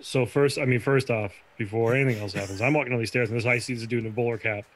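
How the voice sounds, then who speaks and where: A man's voice: mid-range voice, steady tone, quick pace, poor audio. A man playing a tabletop game, speaking cautiously and in character. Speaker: player. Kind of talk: tabletop role-play.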